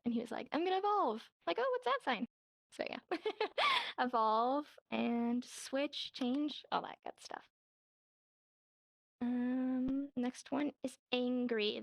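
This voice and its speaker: A woman's voice: fairly high pitch, creaky, fairly bright tone, no echo. A young adult woman teaching a casual sign language class in virtual reality. She talks in a chatty way, acts out quoted lines and laughs often, speaking into a headset mic.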